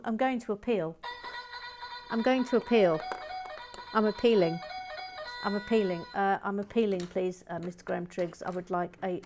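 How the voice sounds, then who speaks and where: A woman hosting a LEGO build, chatting casually and playfully, slipping into mock outrage and soft whispers. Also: on the low side. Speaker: host building a LEGO set. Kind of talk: casual live chat while building.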